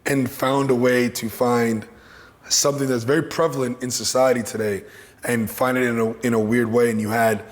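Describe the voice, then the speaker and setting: A man with a deep, raspy voice, an actor and comedian talking in a relaxed, reflective way in an interview. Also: normal speed, long reverb tail.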